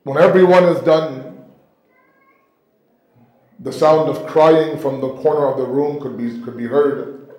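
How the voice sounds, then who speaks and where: A male preacher telling a sacred story in an emotional sermon, swinging between hushed tones and near-shouting. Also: on the high side, fairly even intonation, measured pace, pauses often. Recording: roomy echo.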